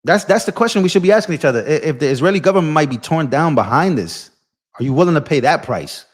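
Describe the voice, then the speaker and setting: A young man with a fairly high voice hosts a political live stream. He rants with heat and passion and talks straight to his viewers as bro and y'all. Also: expressive, fast talker. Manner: impassioned, ranting, addresses viewers as bro and y'all. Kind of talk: heated live-stream commentary.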